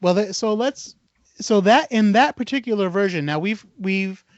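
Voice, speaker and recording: A man's voice: sits high, moderate pace, dry recording, highs cut off. A man hosting a podcast, retelling an urban legend casually with lots of fillers and acted-out dialogue. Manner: animated retelling, acts out dialogue, many fillers. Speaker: podcast host.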